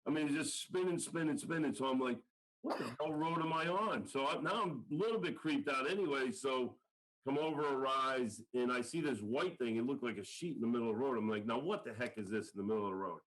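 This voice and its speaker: Speaking a little fast in a medium-pitched, slightly bright voice, a middle-aged college football line coach tells a story during a casual podcast interview. He's the guest, and he acts out the quoted lines. The recording is rough.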